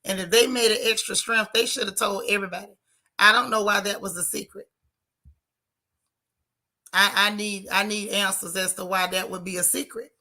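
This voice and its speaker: A woman's voice: mid-range voice, fairly even intonation, moderate pace, long pauses, bright, forceful tone. A woman hosting a casual livestream, reading chat comments aloud and teasing her viewers. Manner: chatty, teasing, dramatic exclamations. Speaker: vlog host reading chat.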